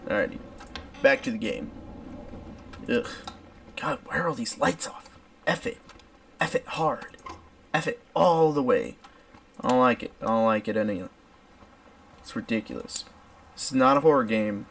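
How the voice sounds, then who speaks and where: A man's voice: medium pitch, moderate pace, gravelly, pauses often, no echo, far from the mic. A young man hosting a let's play video, joking and mock-dramatic while he plays. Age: young adult. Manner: jokey, animated, mock-dramatic. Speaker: gaming video host.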